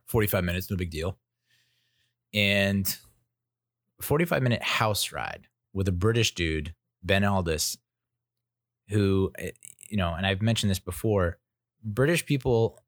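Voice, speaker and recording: A man's voice: deep voice, no room sound, clean studio sound. A man in his thirties telling a casual story as a podcast host, rambling and self-interrupting with wry, jokey asides.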